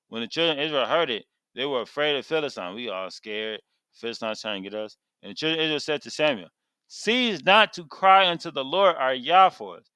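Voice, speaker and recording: A man giving an animated Bible teaching, reading verses and retelling them emphatically in casual everyday speech. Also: medium pitch, clean tone, no room sound, studio quality.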